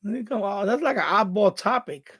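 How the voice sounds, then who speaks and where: A man's voice: high voice, animated, fairly quick, fairly bright tone, breathy edge. A man with a New York Bronx accent hosting a casual live stream, rambling and repeating words as he answers viewer comments. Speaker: radio hobby live stream host.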